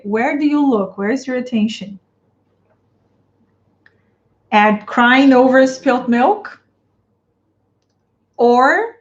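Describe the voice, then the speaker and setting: A woman's voice: fairly high pitch, lively intonation, slow pace, long pauses. A woman from Brazil with a Brazilian Portuguese accent, coaching English teachers in a live stream. She answers viewer comments, talks straight to the audience and repeats her phrases. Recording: dull lo-fi stream audio.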